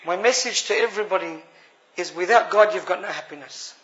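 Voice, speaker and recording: Earnest Australian man, high voice. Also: fairly quick, a bit bright. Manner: earnest, addresses listeners as brothers. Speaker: speaker sharing a personal story. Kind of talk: testimony to a gathering. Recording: dull lo-fi recording.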